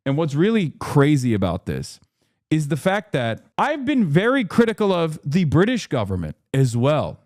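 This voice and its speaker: A man's voice: a little high, huge pitch swings, normal speed, darkish tone, no room sound, clean studio sound. A man streaming heated political commentary, talking indignantly with frequent restarts and fillers.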